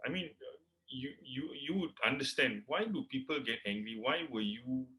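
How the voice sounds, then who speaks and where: A man's voice: medium pitch, animated, normal speed, sharp tone, low-quality recording. A man hosting an interview, asking hesitant questions with many fillers. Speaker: host.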